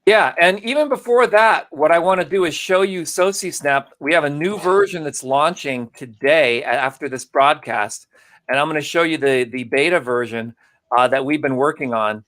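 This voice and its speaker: A man's voice: on the high side, moderate pace. A man co-hosting a live marketing broadcast, talking casually and greeting viewers by name. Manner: animated, salesy, addresses viewers by name. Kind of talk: casual live-stream presentation.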